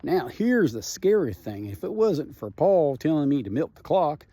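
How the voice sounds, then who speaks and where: A middle-aged man, a comedian, telling a personal story in a casual, animated and profane way, often tagging his lines with "right?". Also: on the high side, moderate pace, breathy edge, no echo.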